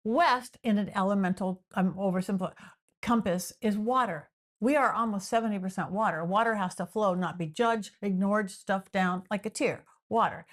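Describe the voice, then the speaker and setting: A woman talking as a podcast guest, explaining her ideas in animated, repetitive lists and sometimes acting out the voices of imagined people. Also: mid-range voice, moderate pace. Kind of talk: explanatory interview talk.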